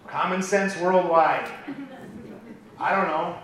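A middle-aged man giving an impassioned motivational speech at a business event, building to near-shouting. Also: high voice, slow. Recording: echoey hall from far off, faint noise.

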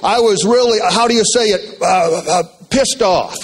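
A man's voice: high-pitched, moderate pace, very noisy. An older retired man from Maine telling folksy, joking stories to an audience in a motivational talk. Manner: folksy, joking, animated storyteller.

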